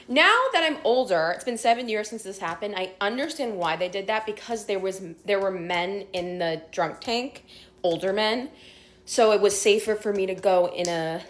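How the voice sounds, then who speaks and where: A young woman telling a casual storytime vlog, chatty and animated, full of filler words, swearing and laughter. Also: medium pitch, normal speed.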